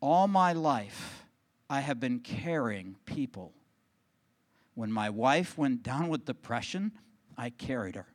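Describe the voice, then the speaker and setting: A middle-aged man, a pastor, telling a personal story in a sermon, swinging from hushed, quiet passages to excited bursts. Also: mid-range voice, takes it slowly.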